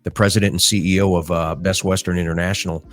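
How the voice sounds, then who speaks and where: A man's voice: deep voice, flat delivery, quick pace, dry recording, faint music behind. A middle-aged man co-hosting a podcast, telling stories in a casual, rambling way with lots of fillers. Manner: rambling storyteller with many fillers. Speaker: podcast co-host.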